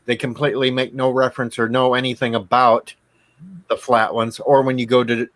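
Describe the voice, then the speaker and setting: A man's voice: mid-range voice, little pitch movement, brisk, a bit bright, no echo. A man in a casual group chat who reads out viewer comments.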